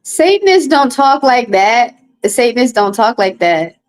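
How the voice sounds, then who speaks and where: A woman's voice: a little high, sing-song, normal speed, low-quality recording. A woman doing a casual livestream tarot card reading, talking bluntly and profanely with rambling asides.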